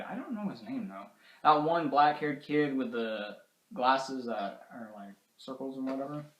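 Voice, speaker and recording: A man talks through a movie plot in a loose, rambling recap, full of fillers. His voice sits at an ordinary mid pitch. It sounds roomy, with a clear echo off the walls. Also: a bit bright. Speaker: movie reviewer. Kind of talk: casual spoken movie recap.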